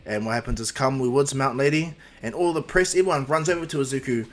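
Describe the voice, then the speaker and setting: A man's voice: mid-range voice, quick pace, fairly bright tone, faint music behind. A man casually narrating a fan-made superhero story, rambling with fillers and restarts.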